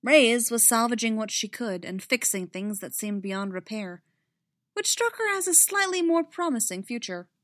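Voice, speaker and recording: Soft-spoken woman reading a story. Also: on the high side, lively intonation, normal speed, no echo, studio quality. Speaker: narrator. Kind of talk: audiobook reading.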